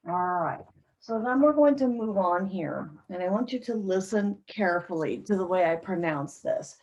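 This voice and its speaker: A woman leads a classroom pronunciation lesson at an unhurried pace. She models short sentences slowly and deliberately so her learners can hear each sound, and her pitch sits in an ordinary middle range. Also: a little mellow, dull audio. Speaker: English teacher.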